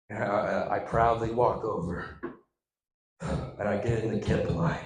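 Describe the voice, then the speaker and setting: A man telling a stand-up comedy story to a live audience, swinging from loud crowd-work to hushed asides. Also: fairly low pitch, steady tone, unhurried, pauses often. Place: stage in front of a live audience. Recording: echoey room.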